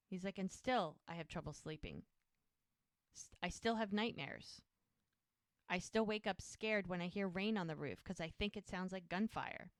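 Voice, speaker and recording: A woman's voice: on the low side, moderate pace, no room sound, studio quality. A woman co-hosting a podcast, casually retelling TV scenes and acting out the characters' lines. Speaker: podcast co-host. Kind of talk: casual recap chat.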